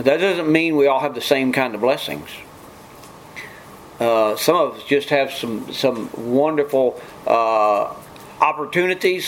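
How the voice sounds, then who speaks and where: A man's voice: mid-range voice, slight background noise, low-quality recording. A man preaching a sermon in an earnest way, often restarting phrases and mimicking scoffers. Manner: earnest, repetitive restarts, mock-quotes scoffers.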